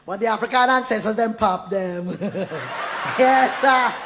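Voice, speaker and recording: A woman's voice: a little high, measured pace, background noise. A woman with a Jamaican accent talking and reciting verse, playful and laughing often, slipping into Jamaican Patois. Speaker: poet and storyteller. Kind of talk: lively spoken talk with recited verse.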